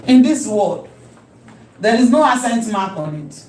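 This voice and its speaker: A woman teaching a language lesson, repeating key terms slowly and emphatically. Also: fairly high pitch, big pitch swings, a little mellow. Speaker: Hebrew teacher. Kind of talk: classroom lecture. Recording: echoey room with faint ambience.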